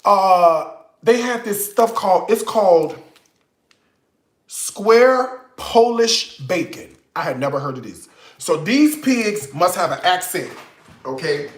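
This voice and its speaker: A man's voice: high voice, big pitch swings, measured pace, roomy sound. A man hosting a home cooking demo, chatty and playful, with teasing jokes between steps. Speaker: cooking show host. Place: home kitchen.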